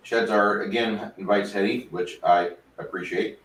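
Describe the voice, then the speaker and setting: A man's voice: fairly low pitch, fairly even intonation, unhurried, fairly bright tone, reverberant, a little hiss or hum, low-quality recording. A man hosting a casual tabletop gaming chat, reading out viewer comments in a laid-back, wry way. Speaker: podcast host.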